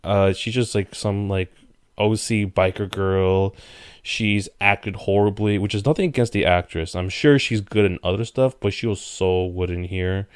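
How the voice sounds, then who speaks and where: A man's voice: fairly low pitch, fairly even intonation, measured pace, clean tone, no echo, studio quality. A man co-hosting a casual podcast, speaking in an emphatic, passionate way. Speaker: podcast co-host.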